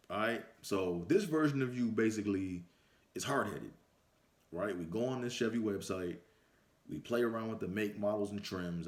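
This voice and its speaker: Laid-back slangy man, low voice. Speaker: vlogger. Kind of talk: casual storytelling to camera. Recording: roomy echo.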